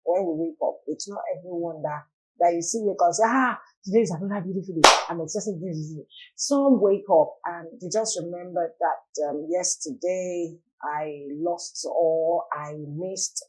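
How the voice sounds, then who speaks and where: A woman with a Nigerian English accent, co-hosting a talk show and giving advice in a measured way. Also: lowish voice, darkish tone, low-quality recording. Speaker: co-host. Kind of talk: studio chat.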